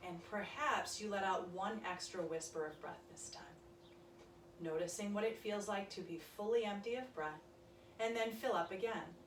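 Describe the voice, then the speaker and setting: A woman leading a yoga class, giving calm, soft-spoken cues through breathing and stretches. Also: medium pitch, slight background noise. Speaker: yoga instructor. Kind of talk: guided yoga class instruction. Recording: echoey room, voice from a distance.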